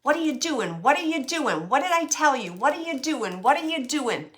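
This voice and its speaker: A woman voicing a stern, loud mother spirit who scolds impatiently. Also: high voice, lively intonation, quick pace, pitched above the performer's own voice. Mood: scolding.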